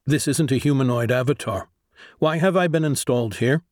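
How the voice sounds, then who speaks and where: A man's voice: mid-range voice, brisk, darkish tone, no room sound, studio quality, close to an everyday voice. A man doing an agitated navy lieutenant. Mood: demanding. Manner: demanding, clipped military speech. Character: agitated male navy lieutenant in a robot body.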